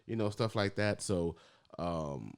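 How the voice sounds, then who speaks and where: Podcast co-host, man, low voice, animated casual rants. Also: slow, vocal fry, clean tone. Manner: animated, swears freely, laughs. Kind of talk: casual sports chat.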